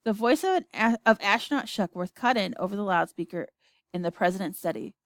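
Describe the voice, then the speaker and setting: A woman reading a children's storybook aloud, with expressive narration. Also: medium pitch, brisk, dry recording. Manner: expressive, lively character voices. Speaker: audiobook reader.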